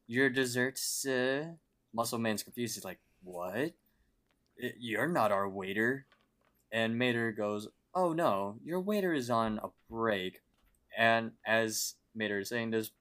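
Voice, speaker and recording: A man's voice: fairly low pitch, a bit bright. A young man co-hosting a podcast, steadily narrating a cartoon's plot in a casual recap. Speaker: podcast co-host.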